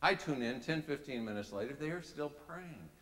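A middle-aged man preaching a sermon as a folksy, animated story, swinging between quiet asides and loud peaks. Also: medium pitch, moderate pace. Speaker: speaker. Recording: reverberant hall.

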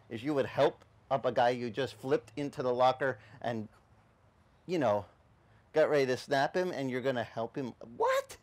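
A male pastor telling a personal story in a sermon, acting out the voices in it. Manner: animated storyteller, acting out voices with big pitch swings. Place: beach service outdoors.

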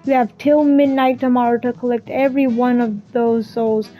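A woman voicing a scheming male devil who owns a casino, reading his threats in a booming, menacing way. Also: flat delivery, moderate pace, lo-fi sound, faint music behind, close to an everyday voice.

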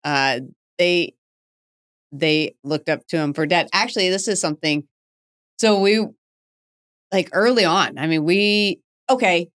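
Woman host in her 40s, chatty and self-mocking, somewhat low voice. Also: a little slow, long pauses, a bit bright. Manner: chatty, laughs often, self-deprecating. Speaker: podcast host. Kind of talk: casual chat.

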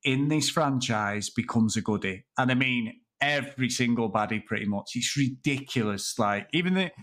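A man's voice: mid-range voice, normal speed, fairly bright tone. A man chatting casually about a film on a podcast, rambling and laughing, swearing freely.

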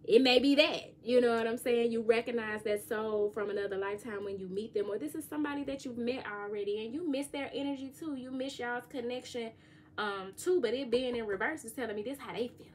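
A woman, giving a casual, joking tarot reading and sometimes singing bits of songs softly. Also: on the high side, quick pace, a little hiss or hum. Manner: chatty, joking, sings lyric snippets softly. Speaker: tarot reader.

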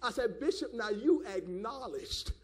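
A man's voice: sits high, lively intonation, measured pace, a bit bright. A man preaching a fiery sermon at a church service, hollering and repeating "my God, man". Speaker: elder preaching.

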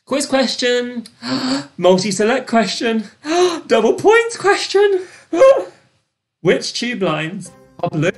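Chatty British woman hosting a live quiz. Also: mid-range voice. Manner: chatty, gossipy, with excited gasps and many fillers. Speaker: quiz host. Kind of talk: live-stream trivia hosting.

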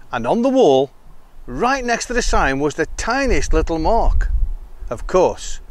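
Lively male children's storyteller. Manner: lively, voices the girls in higher pitch.

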